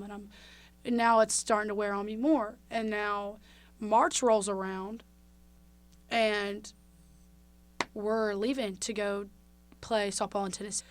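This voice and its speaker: Young woman telling a candid story. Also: mid-range voice. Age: young adult. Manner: candid storytelling, many fillers. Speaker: guest. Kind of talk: casual interview.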